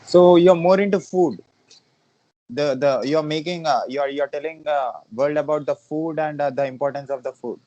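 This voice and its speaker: A man hosting a podcast, asking halting questions with many fillers. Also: a little high, dark tone. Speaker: podcast host. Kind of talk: casual interview. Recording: dull lo-fi dry sound.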